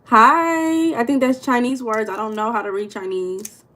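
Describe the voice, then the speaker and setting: A woman's voice: medium pitch, a little fast, background noise. A young woman hosting a casual livestream, talking loosely and greeting viewers in the chat by name. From United States. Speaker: livestream host.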